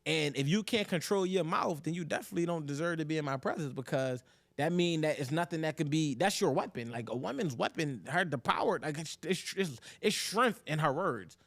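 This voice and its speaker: A young man co-hosting a podcast in casual chat, animated and talking in bursts. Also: a little high, brisk, vocal fry, dry recording. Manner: animated, talks in bursts with loud quoted outbursts. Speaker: podcast co-host.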